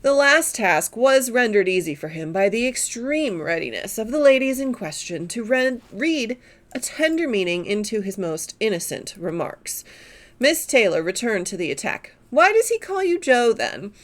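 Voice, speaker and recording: A woman reading a novel aloud with expressive storytelling while she knits. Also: mid-range voice, moderate pace. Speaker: reader and knitter.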